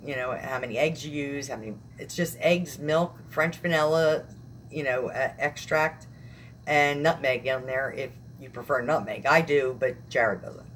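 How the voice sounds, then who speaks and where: A woman's voice: extremely low pitch, a little slow, a bit bright, a little hiss or hum. A young woman vlogger chatting casually on a live stream, rambling and laughing often.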